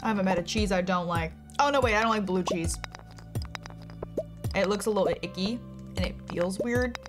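A woman's voice: mid-range voice, a little fast. A woman chatting casually and giggling as she talks to viewers while playing a game on a live stream. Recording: game music playing behind the voice.

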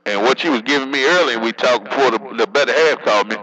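A man's voice: mid-range voice, fast talker, bright, forceful tone, poor audio. A working man chatting casually over a CB radio, joking in loose slang and laughing often. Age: adult, working. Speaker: CB radio operator.

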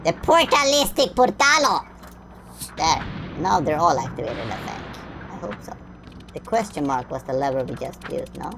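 A woman's voice: very deep voice, lively intonation, moderate pace, creaky, background noise. A woman playing through a video game, chatting playfully with herself, humming and making up nonsense words as she goes. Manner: silly, sing-song, makes up nonsense words. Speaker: gameplay commentator. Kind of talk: playful gameplay commentary.

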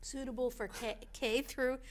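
A woman co-hosting a local events show, reading listings in a brisk, chatty way with friendly asides. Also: high-pitched, fairly even intonation. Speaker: chamber of commerce co-host reading event listings. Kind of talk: casual local events chat.

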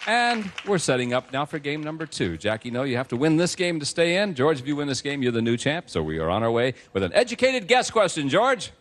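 A man hosting a TV game show, excitable and teasing, shouting out the results and joking with the contestants. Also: on the high side, fairly quick, few pauses. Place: TV studio with audience.

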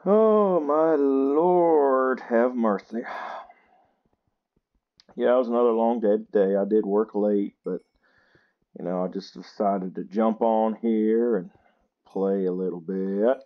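A tired man, chatting slowly and poking fun at himself while he plays a game. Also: on the low side, fairly even intonation, phone-quality sound. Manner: slow, chatty and self-mocking. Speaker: gaming channel host. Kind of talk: casual gameplay commentary.

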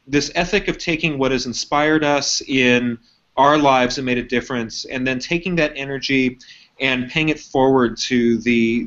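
A man hosting an interview, asking questions in a measured, thoughtful way. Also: medium pitch, fairly bright tone. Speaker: interview host. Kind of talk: live web interview questions. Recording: dull lo-fi audio.

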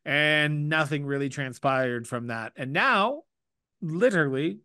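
A man's voice: fairly high pitch, lively intonation, measured pace, pushed and bright, smooth, no room sound. A Canadian man co-hosting a podcast in casual chat, with a dry, teasing, mock-indignant manner. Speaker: podcast co-host.

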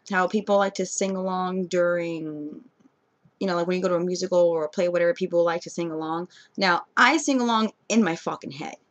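A woman's voice: no echo, dull audio. A young woman with a New York accent, ranting into her camera from her bedroom late at night, swearing constantly and swinging from rambling and sleepy to fired up. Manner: sleepy, rambling and low-key. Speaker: vlogger.

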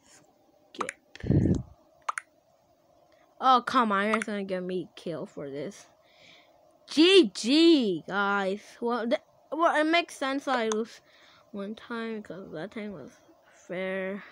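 A woman giving casual, excitable commentary while playing an online game, laughing and shouting as things happen. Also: mid-range voice, slow pace, a little hiss or hum, poor audio. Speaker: gaming channel creator.

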